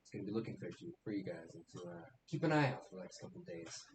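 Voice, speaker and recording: A sly villager murmurs low and confidingly, voiced by a man running the game. The sound carries a roomy echo. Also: big pitch swings, racing, slight background noise.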